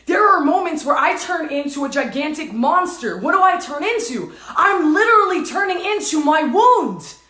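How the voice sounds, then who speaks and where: A woman's voice: high-pitched, big pitch swings, moderate pace, hardly any pauses, sharp tone. A woman speaking emotionally to her viewers as a spiritual teacher, repeating intense affirmations and swearing casually. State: tearful and dizzy at times. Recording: roomy echo.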